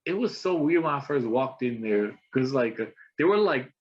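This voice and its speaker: Speaking at normal speed in an expressive mid-range voice, a young man with Colombian roots rambles casually on his podcast, heavy on slang and filler words. The audio comes from a video call and sounds muffled.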